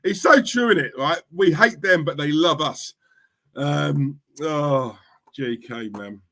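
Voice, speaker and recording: Fired-up guy on a stream, middle-aged, keeps going "yeah? right?", fairly high voice. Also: slow pace, sharp tone. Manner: fired-up, repetitive, asks "yeah? right?" constantly. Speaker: streamer, football fan. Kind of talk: livestream rant reading chat.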